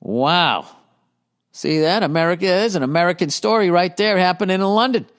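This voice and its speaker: A man's voice: sits high, normal speed, fairly bright tone. A man hosting a comedy podcast, ranting in a profane, exasperated way as he reads listener mail. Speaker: podcast host.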